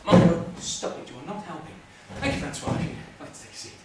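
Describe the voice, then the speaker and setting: An actor playing the coaxing, patient leader of a self-help group. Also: male voice, fairly high pitch, big pitch swings, fast talker, far from the mic, a loud crowd. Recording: echoey room from afar, noisy.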